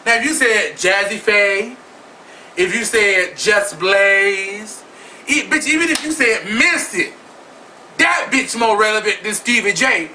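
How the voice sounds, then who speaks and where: Speaking at a slow pace with lively intonation, a vlog host in a very high, sharply bright voice rants to viewers about celebrity gossip, sassy, flamboyant, and profane. He's far from the mic, and the rough recording has a faint room hum.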